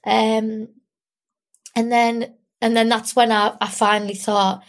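A young woman with a slightly high voice speaks as an interview guest. She sounds tearful and candid, and she rambles through her story with lots of fillers. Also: flat delivery, takes it slowly. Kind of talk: emotional personal interview.

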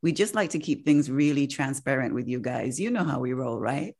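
A woman's voice: very deep voice, animated, moderate pace, darkish tone. A woman hosting a casual podcast chat, chatty and emphatic, often laughing. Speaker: podcast host.

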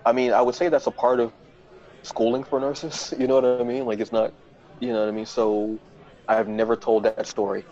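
Male podcast host, animated self-mocking storyteller, mid-range voice, slightly muffled lo-fi sound. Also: normal speed. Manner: animated, self-mocking, jumps into high-pitched voices when quoting himself. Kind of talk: casual storytelling.

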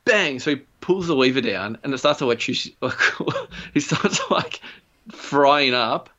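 A man's voice: medium pitch, a little slow, lo-fi sound. Swearing man telling a story. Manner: swears often, animated retelling with quoted voices. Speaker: podcast co-host. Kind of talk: casual storytelling chat.

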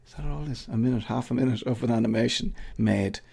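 Wrapping up his solo podcast, this middle-aged Irishman speaks quickly in a mid-range voice that is mellow and husky with vocal fry. The casual sign-off is rambling, profane and jokey, with remarks aimed at a colleague who isn't really there.

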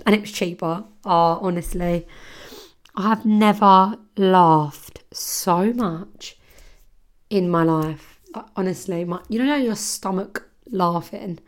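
A woman's voice: lowish voice, slow pace. A young woman hosting a podcast, chatty and giggly, telling a story with casual swearing. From London, England. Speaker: podcast host.

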